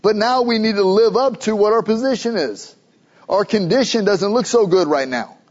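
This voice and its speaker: A pastor preaching a sermon, emphatic, building to urgent questions. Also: male voice, high-pitched, lively intonation, moderate pace, lo-fi sound.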